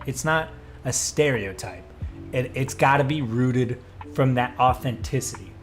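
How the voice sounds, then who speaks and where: A young man who streams and does voice acting chats casually with his live chat, excitable and cursing freely as he wanders off on tangents. His voice is medium in pitch and a little slow, with music playing underneath.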